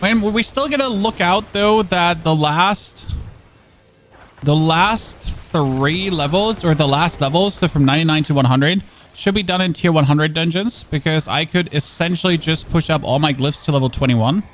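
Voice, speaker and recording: A little hiss or hum sits behind a man from Germany whose German-accented voice is on the high side and fairly bright, at a moderate pace. Streaming a game, he keeps up loose, joking chatter, repeating himself, self-correcting and frequently starting sentences over.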